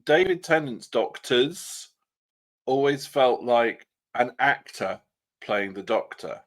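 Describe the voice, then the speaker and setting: A man's voice: medium pitch, animated, takes it slowly. A man co-hosting a casual podcast chat, opinionated and wry, sometimes mimicking other people's voices. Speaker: podcast co-host.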